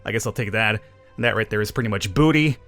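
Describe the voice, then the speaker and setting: This man hosts a gaming channel, speaking quickly in a fairly bright voice that sits on the low side. He keeps his let's-play commentary relaxed, teasing and sarcastic, asking viewers rhetorical questions while game music plays.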